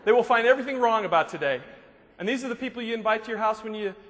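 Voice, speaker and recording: A man with a high-pitched voice races through a humorous motivational speech before a live audience in a large hall. He jokes and tells stories animatedly, and the recording has a long hall reverb with faint background noise.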